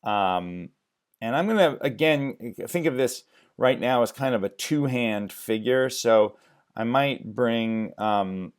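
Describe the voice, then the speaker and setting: A man's voice: medium pitch, lively intonation, slow, clean tone. A man teaching music theory in a screen-share lecture, thinking aloud with many ums and restarts.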